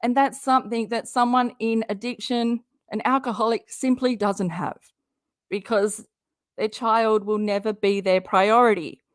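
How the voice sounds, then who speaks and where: Woman streamer ranting about online drama, slow and heated, swears a lot, reads out chat comments, dry close sound. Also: on the high side, fairly even intonation, no echo. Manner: heated and blunt, swears and talks straight at her target.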